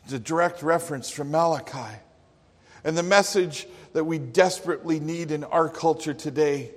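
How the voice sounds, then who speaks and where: A man's voice: on the high side, normal speed. A man preaching a sermon in an earnest, emphatic manner. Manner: earnest, emphatic, with acted quotes. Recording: long hall reverb.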